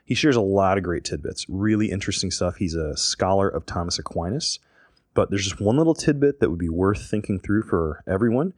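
A man in a casual podcast chat, easygoing and thinking out loud. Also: low-pitched, lively intonation, a little fast, no echo, studio quality. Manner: chatty, easygoing, thinks aloud.

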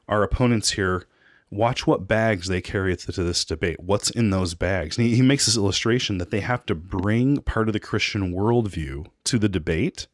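Low-voiced man chatting on a podcast. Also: dry recording, studio quality. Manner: conversational, with frequent restarts and asides. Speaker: podcast co-host. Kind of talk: casual podcast chat.

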